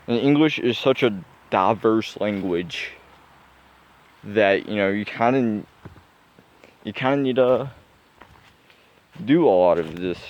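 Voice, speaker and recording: Young male vlogger, low voice, casual rambling delivery full of fillers, dull lo-fi recording. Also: darkish tone. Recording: dull lo-fi sound.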